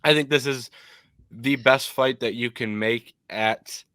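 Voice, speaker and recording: Young male podcast co-host, animated and opinionated, mid-pitched voice, dry close mic. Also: a little slow, clear, resonant tone, dry recording. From Michigan. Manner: animated, opinionated, frequent ums. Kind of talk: casual podcast chat.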